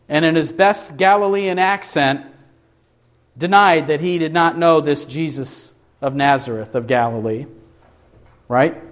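Man, preacher; higher-pitched, unhurried, emphatic sermon delivery with rhetorical questions. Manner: asks the congregation rhetorical questions and answers them.

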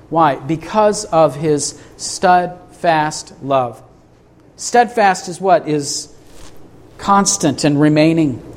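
A man preaching a sermon to a congregation in a church, emphatic, asking rhetorical questions. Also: a little high. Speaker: pastor.

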